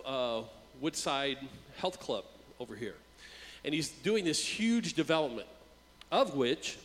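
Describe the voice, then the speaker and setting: A man who works as a youth worker, preaching in a relaxed, conversational storytelling way and often repeating words as he starts a phrase. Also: a little high, in a large hall, low-quality recording. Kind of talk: storytelling sermon.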